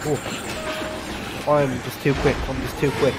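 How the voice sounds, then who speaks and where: A man doing let's play commentary on a horror game, excitable and swearing, yelping when startled. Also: mid-range voice, measured pace. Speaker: gaming YouTuber. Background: game music.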